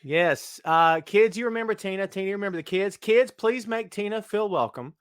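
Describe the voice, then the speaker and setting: A man's voice: high voice, expressive, brisk, smooth, no echo, studio quality. A middle-aged man hosting a live podcast, joking around and greeting viewers by name in casual, hyped-up chat. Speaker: podcast host.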